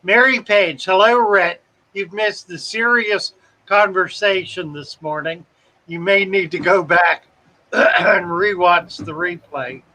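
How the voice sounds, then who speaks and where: A man from South Carolina hosts a live stream in a relaxed drawl. His voice sits high and bright, and he talks slowly while chatting through viewer comments. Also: rough recording. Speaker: host of a live fish-keeping stream. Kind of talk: casual live-stream chat reading comments.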